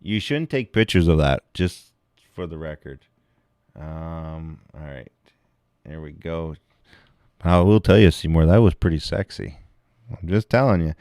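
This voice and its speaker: A deep-voiced man on a live stream, reacting to clips with crude, profanity-heavy chatter. The voice is close and dry. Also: unhurried, long pauses, a little mellow, no room sound. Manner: crude, heavy swearing, laughing. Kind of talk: reacting to videos, casual chat.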